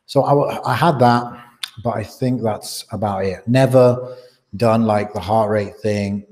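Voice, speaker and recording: Man, lowish voice, laid-back casual podcast chat. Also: unhurried, a little mellow. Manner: laid-back, listens with short "mm" and "yeah". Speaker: podcast co-host.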